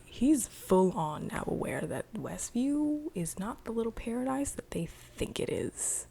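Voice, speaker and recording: A woman's voice: mid-range voice, big pitch swings, unhurried, creaky, hardly any pauses, mellow, slight background noise. A young woman casually recapping a TV episode in a chatty, rambling way, full of "like.". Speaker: video reviewer.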